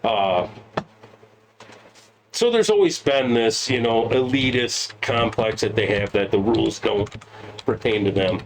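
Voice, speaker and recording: A man's voice: lowish voice, expressive, a little slow, pauses often, slight background noise. A man co-hosting a podcast, talking politics in a heated, profane way with emphatic outbursts. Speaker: podcast co-host. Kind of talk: casual political chat.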